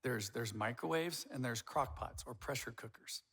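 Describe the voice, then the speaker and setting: A middle-aged man preaching a sermon as pastor, animated and acting out quoted voices. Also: mid-range voice, moderate pace, vocal fry, husky.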